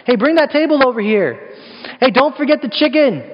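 A man putting on the voice of a cocky male fighter who calls for food before a fight, loud and bossy. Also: very high-pitched, expressive, fairly quick, voice pushed up. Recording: echoey hall, dull sound.

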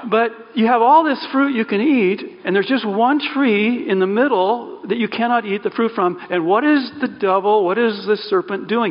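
A man's voice: high voice, slight background noise. A man preaching a sermon in a loose, conversational way, correcting himself mid-sentence and adding asides. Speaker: pastor. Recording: dull sound with long hall reverb.

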